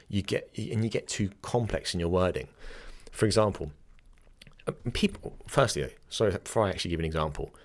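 A man's voice: lowish voice, gravelly. A man, a yoga teacher giving casual, direct teaching advice with chatty asides. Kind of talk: instructional talk.

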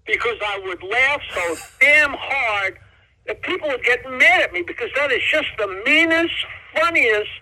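A man telling jokes as a comedian guest on an interview, an animated storyteller who laughs at his own jokes. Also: extremely high pitch, unhurried, low-quality recording.

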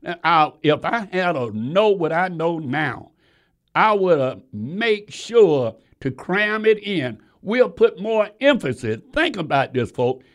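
A man preaching a sermon, talking straight to his listeners and swinging between rising, emphatic lines and low, quiet ones. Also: big pitch swings, takes it slowly. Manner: rhythmic preaching with sudden rises and drops in pitch and volume; folksy, calls out to the congregation.

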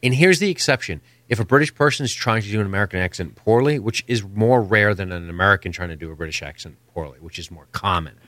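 Low-voiced man ranting casually. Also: fast talker, hardly any pauses, fairly bright tone, dry recording. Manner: opinionated, rambling, swears freely. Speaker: podcast co-host. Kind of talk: casual chat.

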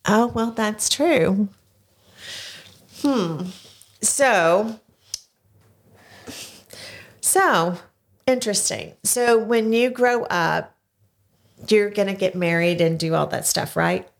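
An older woman hosts a relaxed podcast chat from a small studio, speaking at an ordinary middle pitch. She keeps nudging her guest along with leading questions and little prompts, in a friendly, coaxing manner. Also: drawn-out words, creaky, pauses often. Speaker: podcast host. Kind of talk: casual family interview. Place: home studio.

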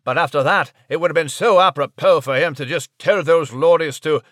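A man's voice: on the high side, brisk, fairly bright tone, dry recording, studio quality, close to an everyday voice. A man voicing a proper, well-mannered male mouse who talks in clipped upper-class phrases. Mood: jolly. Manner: clipped upper-class talk with "I say" and "old boy". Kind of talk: audio drama acting.

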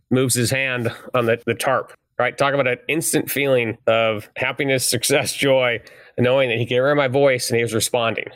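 A man's voice: mid-range voice, fairly bright tone, no room sound. A middle-aged man, a retired negotiator, telling stories as an interview guest and often chuckling as he speaks. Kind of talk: conversational storytelling.

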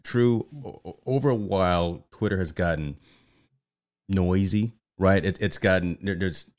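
A man hosting a casual live-streamed chat show, animated and often repeating words as he starts a sentence. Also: low-pitched, unhurried. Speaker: show host.

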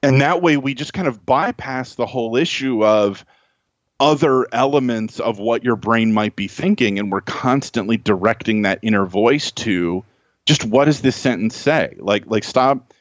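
A man's voice: mid-range voice, unhurried, dry recording. Male podcast guest tutor, chatty explainer, dry slightly muffled recording. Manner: conversational, many restarts and "right?" tags.

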